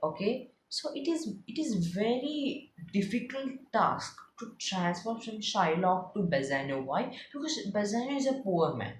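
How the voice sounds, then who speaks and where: A woman's voice: mid-range voice, very animated, unhurried, few pauses, a little hiss or hum. A woman tutor explaining a classic play in a chatty way, repeating and paraphrasing lines as she goes. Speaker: literature tutor. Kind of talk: explaining a play with read-aloud passages. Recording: echoey room.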